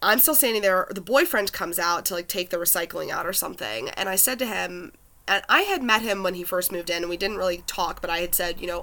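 A woman telling a personal story in casual chat. She talks in an animated way and leans on lots of "like" fillers. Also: on the low side, fast talker.

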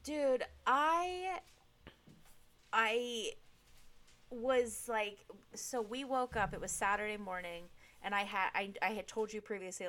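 A middle-aged woman in easy conversation who speaks bluntly and swears without thinking about it. She tells her stories with lively energy. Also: mid-range voice. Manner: frank, swears freely, lively storytelling. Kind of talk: casual chat.

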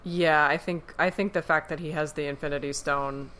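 A woman's voice: deep voice, normal speed. A woman co-hosting a podcast, talking in casual, emphatic bursts full of "like". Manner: animated, emphatic ranting with frequent "like". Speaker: podcast co-host. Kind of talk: casual chat.

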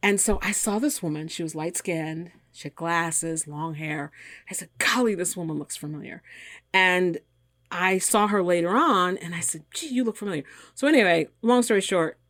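A woman in her fifties with a lowish voice tells a long personal story as a guest, animated and quick to act out the people she quotes. The sound is close and dry, with no room around it. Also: no echo. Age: 50s. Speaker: guest, engineer. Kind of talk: storytelling in a conversation.

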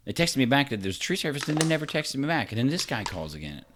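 A man co-hosting a casual podcast chat, telling stories with animated exasperation and swearing freely. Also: quick pace, noisy background. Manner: animated, voice jumps high when exasperated. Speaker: podcast co-host.

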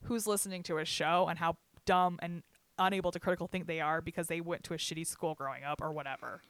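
A woman's voice: lowish voice, fast talker, no echo. Blunt, profane woman podcaster. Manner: blunt, profane, animated storytelling with laughs. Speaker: podcast co-host. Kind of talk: casual chat.

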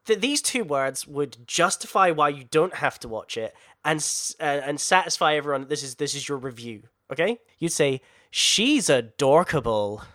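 A man co-hosting a casual podcast chat, animated and quick to swear and laugh. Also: a little high. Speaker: podcast co-host.

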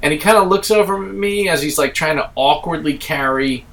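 A man's voice: fairly high pitch, fairly quick, fairly bright tone, distant mic. A middle-aged man from Staten Island, telling a rambling, profane story in casual chat.

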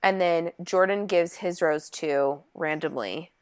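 A woman's voice: on the low side, measured pace, smooth, no room sound. A young woman in casual chat, co-hosting with wry, dry asides and some swearing. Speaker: podcast co-host.

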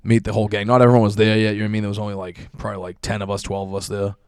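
A young man talks fast and loose, piling on fillers and swearing as he tells a story. His voice sits on the low side and the sound is dry and close, with no room echo. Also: little pitch movement, a little mellow, clear, resonant tone. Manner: rambling, profane, lots of fillers. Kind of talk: casual chat.

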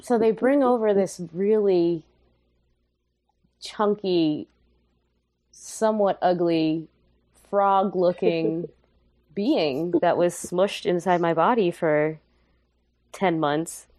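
A woman's voice: on the low side, slow pace, pauses often, a little mellow, dry recording. A young woman telling a candid, humorous and emotional personal story in casual podcast chat.

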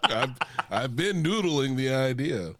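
A man's voice: mid-range voice, expressive, slow, a bit bright, no room sound. A man co-hosting a casual podcast while sick with a cold, making dry teasing jokes. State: under the weather, stuffed-up voice. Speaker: podcast co-host. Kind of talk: casual chat.

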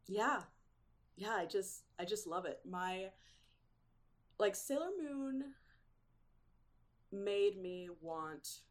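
A woman chatting as a guest in a casual interview, animated and quick to laugh, with lots of fillers. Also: fairly low pitch.

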